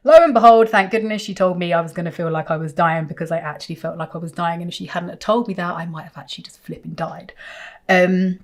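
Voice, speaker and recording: A woman vlogging, telling a personal story to camera with emphatic, animated delivery and sudden leaps in pitch. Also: fast.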